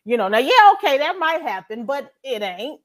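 A woman with a fairly high voice shares a personal faith story on a podcast. She talks casually and with life, dropping into the voice of her own past prayers as she goes. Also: sing-song, moderate pace. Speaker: podcast co-host.

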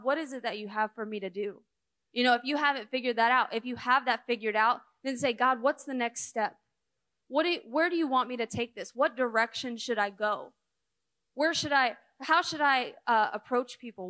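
Bright, chatty woman minister. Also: fairly high pitch. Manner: chatty, full of "like" and "you know"; acts out quoted prayers and replies. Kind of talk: conversational sermon.

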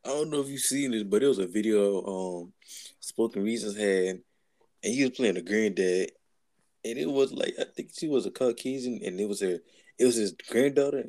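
A man's voice: on the low side, moderate pace, warm tone. A man in casual podcast chat, joking and teasing his co-host.

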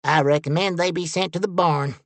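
A man's voice: fairly even intonation, a little fast, no room sound, natural voice. A man voicing Buford, a fussy, indignant male robot Time Ranger, in a storybook reading. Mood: stern. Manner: shrill, indignant, scolding. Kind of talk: storybook character voice.

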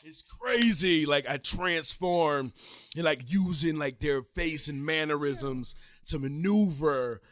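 A young man co-hosting a casual podcast, talking animatedly with loud outbursts, frequent swearing and laughter. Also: fairly high pitch, slow pace, dry recording, clean studio sound. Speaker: podcast co-host and impressionist.

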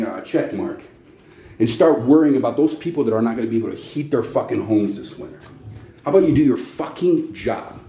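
A man's voice: mid-range voice, mellow. Profane, ranting man in an echoey room. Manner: angry, profane, sarcastic ranting. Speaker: podcast host. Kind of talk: ranting podcast monologue. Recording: echoey room with faint noise.

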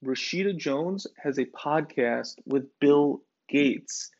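Gravelly, slow-talking sarcastic ranting man. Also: fairly high pitch, background noise. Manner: sarcastic, profane, rambling with fillers. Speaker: podcast host. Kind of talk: casual ranting monologue. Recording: dull lo-fi recording.

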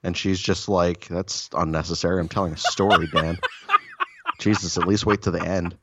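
Deep-voiced man telling profane rambling stories. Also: steady tone, normal speed, heavy background noise. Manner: profane, rambling, self-mocking storytelling. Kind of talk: casual storytelling chat.

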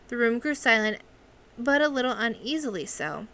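Bright-voiced woman reading a novel. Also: a little high, animated, moderate pace. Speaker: audiobook reader.

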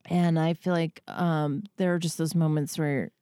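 A woman's voice: deep voice, fairly even intonation, a little slow, dark tone, clean tone, no room sound, clean studio sound. Rambling, self-deprecating woman storyteller. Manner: rambling, self-deprecating, swears freely, acts out quotes. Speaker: podcast guest or co-host telling a story. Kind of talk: casual chat, storytelling.

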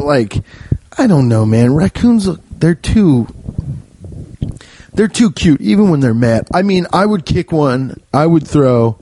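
A man hosting a podcast, telling a comic story in a rambling, profane, animated way. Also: dry recording. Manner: rambling, profane, animated, often jumping high. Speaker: podcast host. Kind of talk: comedic storytelling.

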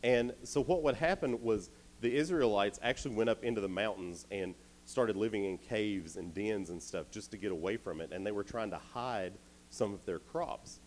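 A man's voice: on the low side, moderate pace, slight background noise, poor audio. A man preaching to teens, retelling a story casually and acting out the characters' lines. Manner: animated, acts out characters in quotes. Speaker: youth speaker. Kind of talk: youth sermon, casual storytelling.

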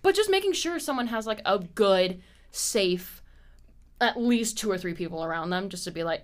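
A woman who is a guest on a podcast, chatting casually and animatedly, laughing often and slipping into playful high voices. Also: lively intonation, a little fast.

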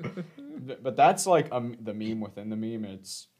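A man in casual chat, reacting to a music video with easy laughter and animated comments. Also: mid-range voice, measured pace, a little hiss or hum.

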